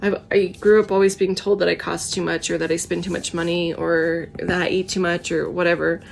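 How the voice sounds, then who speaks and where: Soft-spoken tired woman, gravelly. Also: on the low side, little pitch movement, fairly quick, slight background noise. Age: adult with children. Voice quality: froggy, tired voice. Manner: soft, earnest, self-reflective. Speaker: vlogger. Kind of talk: casual personal vlog.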